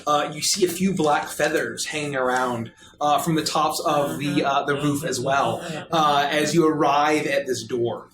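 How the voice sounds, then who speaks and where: A man narrating a tabletop role-playing scene as game master, with frequent pauses. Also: fairly high pitch, steady tone, a crowd in the background. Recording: echoey room.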